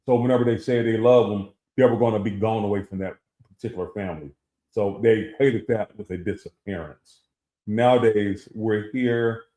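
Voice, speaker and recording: A man's voice: on the low side, mellow. A middle-aged man co-hosting a casual talk show and telling a personal story, acting out the voices he quotes. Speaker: co-host. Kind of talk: casual chat. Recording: echoey room.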